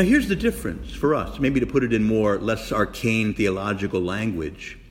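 A male Catholic priest giving an animated sermon, asking his congregation many questions and shifting between loud outbursts and hushed whispers. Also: a little high, big-room sound. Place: church.

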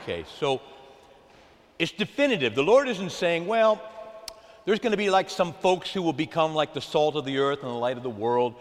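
A man preaching a sermon to a congregation, animated, drawing them into call-and-response. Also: fairly high pitch, normal speed. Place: church. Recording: long hall reverb.

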